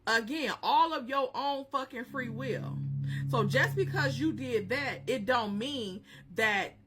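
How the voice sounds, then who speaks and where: A woman's voice: on the high side, slow pace, fairly bright tone. A woman giving casual, profane commentary on a reality show, retelling scenes with lots of animation.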